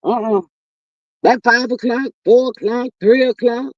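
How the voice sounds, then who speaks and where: Woman host, chatty livestream banter, slightly high, dull dry sound. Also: fairly even intonation, unhurried, a little mellow, dry recording. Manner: chatty, calls listeners "child" and "y'all". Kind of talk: casual chat reading viewer comments.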